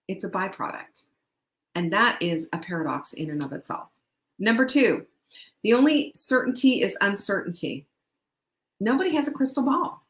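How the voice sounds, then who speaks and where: A woman's voice: medium pitch, fairly bright tone. A middle-aged woman hosts a motivational talk show in an upbeat, chatty way. She keeps asking her listeners rhetorical questions. Her voice rings a little in a roomy, echoey space. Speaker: podcast host.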